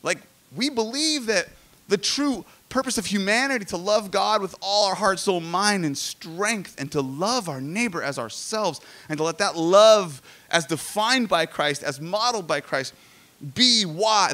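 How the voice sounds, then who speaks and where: A man in his forties preaching a sermon in a conversational, animated way with jokey asides. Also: high-pitched, unhurried. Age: 40s. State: emotional. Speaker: pastor.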